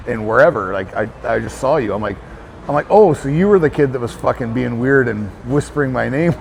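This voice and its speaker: A man's voice: medium pitch, vocal fry. A man hosting his own channel, telling a rambling, profane story to camera with lots of filler words. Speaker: fitness trainer and channel host.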